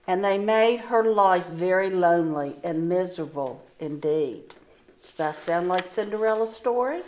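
Slow, expressive woman teacher reading aloud. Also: on the low side, slight background noise. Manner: slow, expressive storytelling with pauses. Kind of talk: reading a storybook aloud to children.

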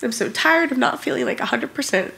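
A woman's voice: sits high, lively intonation, brisk, gravelly, bright, forceful tone. A woman, a pastor, speaking earnestly and openly about her struggles in a casual podcast chat.

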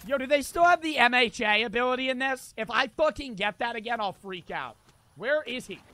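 A man streaming gameplay in casual commentary, brash and profane, answering chat with quick irritation. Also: very high voice, lively intonation, bright, forceful tone, no echo. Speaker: streamer playing a battle royale game.

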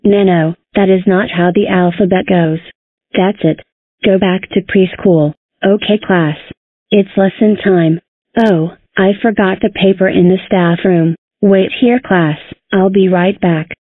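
Cast a female text-to-speech voice as a strict cartoon teacher, mid-pitched, dry, tinny. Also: fairly even intonation, unhurried, dry recording, lightly acted. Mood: scolding. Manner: stern, scolding. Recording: tinny phone-like sound.

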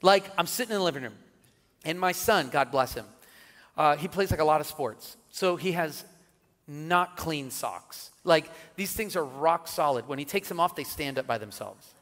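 A middle-aged man preaching from the pulpit, bouncing between jokes and earnest points. His voice sits on the higher side for a man. The sound carries a long echo from a large church sanctuary. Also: moderate pace. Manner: animated storytelling with jokes and laughter. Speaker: pastor. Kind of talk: sermon. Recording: church hall with long reverb.

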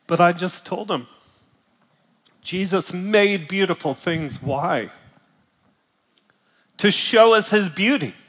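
Preaching a sermon in a large church auditorium, a middle-aged male pastor sounds strained from pain, interrupted by coughs and throat-clearing. His voice sits a little high for a man, moving slowly with long pauses and swinging from soft, close phrases to loud emphatic bursts. Long hall reverb trails each line.

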